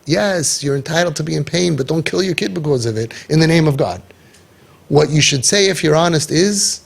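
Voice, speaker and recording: A man addresses a room of parents with forceful conviction and a sarcastic edge, mixing Hebrew and Yiddish terms into his speech. His voice sits a bit high, gravelly and husky throughout. The talk is animated and pointed. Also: a little fast. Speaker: parenting guide.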